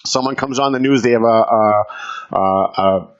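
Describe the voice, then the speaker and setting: A man's voice: lowish voice, moderate pace, highs cut off. A man hosting a radio talk show, delivering an emphatic, combative opinion monologue.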